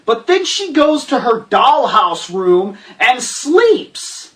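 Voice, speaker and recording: A man's voice: very high voice, animated, slow pace, a bit bright, recorded from a distance. A man hosting a ranting movie review, profane, sarcastic and exasperated. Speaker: host.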